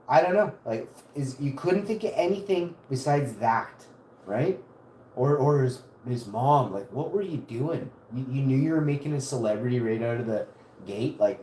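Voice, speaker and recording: A man's voice: mid-range voice, animated, a little slow, a little mellow, slight background noise. Rambling joking man in an echoey kitchen. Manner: joking, meandering, self-interrupting. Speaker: livestream host. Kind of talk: casual rambling livestream chat. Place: home kitchen, indoors.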